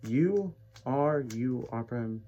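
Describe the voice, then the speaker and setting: A man's voice: medium pitch, animated, slow pace, dark tone, muffled recording, slight background noise. A man vlogging his cube practice, rambling and muttering to himself, getting easily frustrated. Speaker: speedcubing hobbyist vlogger. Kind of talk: casual self-talk while solving a cube.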